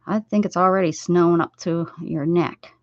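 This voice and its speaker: A woman hosting a casual craft livestream, rambling and chatting warmly with viewers as she sews. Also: lowish voice, steady tone, normal speed, no echo. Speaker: livestream host. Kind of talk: casual livestream chat while sewing. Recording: dull, dry lo-fi sound.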